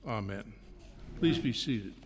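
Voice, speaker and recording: A man preaching a sermon, telling a parable slowly and deliberately, with pauses between phrases. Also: lowish voice, expressive, slight background noise. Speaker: pastor. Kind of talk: sermon storytelling. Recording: long reverb in a large hall.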